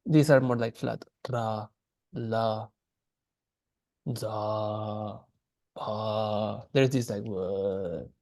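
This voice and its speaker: Male teacher, gravelly voice, dry close sound, casual lecture with frequent self-corrections. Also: mid-range voice, darkish tone, no echo. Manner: casual, many restarts, demonstrates sounds. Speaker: language teacher. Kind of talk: online class lecture.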